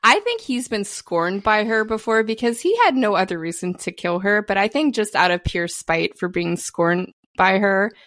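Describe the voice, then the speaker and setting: A woman co-hosting a casual film podcast, with a mid-range voice. She talks in an animated way, breaking into laughter and acting out lines. The sound is dry and close to the mic. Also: medium pitch, normal speed, hardly any pauses, dry recording. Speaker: podcast co-host.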